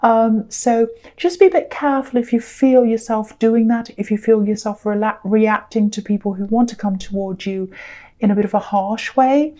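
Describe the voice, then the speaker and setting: A woman giving a tarot reading, talking in a gentle, reassuring way with frequent pauses and ums. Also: fairly high pitch. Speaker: tarot reader.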